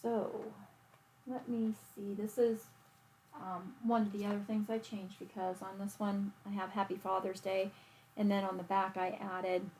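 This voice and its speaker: A woman with a medium-pitched, somewhat dark voice chats away to herself and her dog while showing how she makes cards at home in a casual tutorial. The low-quality recording carries a faint hiss or hum.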